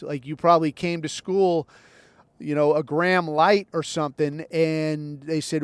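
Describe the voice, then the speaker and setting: A man's voice: on the high side, unhurried, clean tone, dry recording. Wry American man telling a story. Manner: loose, wry storyteller acting out other voices. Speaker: podcast host. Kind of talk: casual storytelling monologue.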